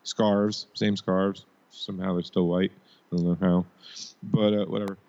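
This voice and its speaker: A man co-hosts a casual podcast, rambling about an old TV episode and laughing often between swear words. His voice sits on the low side. The recording is a bit dull and muffled. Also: flat delivery, normal speed, mellow. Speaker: podcast co-host and editor. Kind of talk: casual chat reviewing a TV episode.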